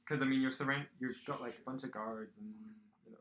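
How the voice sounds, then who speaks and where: Man game master, narrating a tabletop game, halting with fillers, bright voice. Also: mid-range voice, steady tone, slight background noise, low-quality recording. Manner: hesitant, many ums and uhs.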